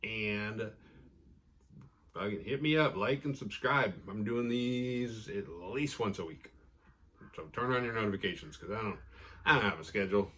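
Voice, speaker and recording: A man hosting a podcast, casually retelling a horror episode with profanity and quick acted-out quotes. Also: on the low side, sharp tone, a little hiss or hum. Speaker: podcast host recapping episodes. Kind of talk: casual recap chat.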